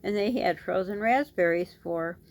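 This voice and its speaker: A woman's voice: on the low side, normal speed. A middle-aged woman and mother vlogging, telling a story in a casual, scattered way and talking with her hands. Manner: scattered, talks with her hands, animated retelling. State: dry lips.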